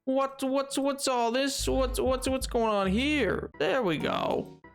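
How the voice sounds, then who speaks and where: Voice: sits high, slow. A streamer chatting casually with viewers, playfully greeting people in a sing-song way and reading chat aloud with frequent laughs. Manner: frequent laughs and mock exclamations. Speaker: livestream host. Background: faint music playlist.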